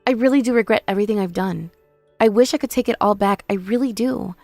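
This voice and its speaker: A woman's voice: mid-range voice, fast talker, a little mellow, dry recording, faint music behind, natural voice. A woman voicing a remorseful young sister-in-law who pleads and whines for forgiveness. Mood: pleading. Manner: pleading, whiny, self-pitying.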